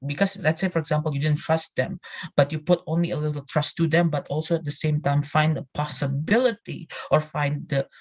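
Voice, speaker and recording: A man's voice: a little high, level tone, a little fast. A man presenting in a live English class, talking earnestly to his listeners and repeating phrases as he restarts his sentences. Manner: addresses listeners directly with "you know" and "right". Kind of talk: motivational talk.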